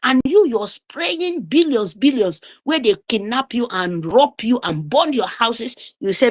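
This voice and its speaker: A woman with a Nigerian accent delivers a fiery, scolding speech over a call microphone. Her voice sits fairly high and swings widely in pitch as she hammers home repeated phrases. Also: animated, a little slow. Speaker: speaker on an online group call. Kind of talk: impassioned political speech. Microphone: remote call microphone.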